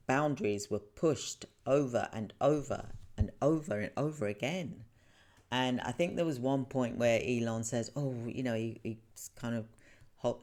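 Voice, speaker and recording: A man talks through his thoughts at a slow, unhurried pace, in a voice of ordinary middle pitch. He rambles and circles back, halting and restarting, leaning on the same filler phrases again and again. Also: darkish tone. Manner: rambling, repeats "for example" and "you know"; halting, with restarts and drawn-out pauses. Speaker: commentator. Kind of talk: casual spoken commentary.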